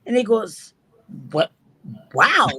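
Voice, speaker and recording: A woman's voice: fairly high pitch, expressive, normal speed, a bit bright, poor audio. A middle-aged woman chatting casually as an interview guest, swearing freely and acting out the dialogue in her stories. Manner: swears freely, tells stories with reported speech. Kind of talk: casual chat.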